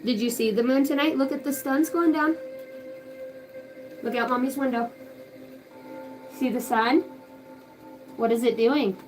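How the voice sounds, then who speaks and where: Woman, 30s, psychic medium on a casual live reading; high-pitched, rambling and profane, loud bursts then soft asides. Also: a little slow, long pauses, soft background music.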